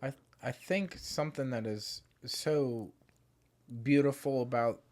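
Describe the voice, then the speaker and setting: A man with a voice of ordinary middle pitch hosts a relaxed podcast conversation. He muses out loud in a reflective, easygoing way. His sentences are loose and full of "like". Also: takes it slowly. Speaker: podcast host.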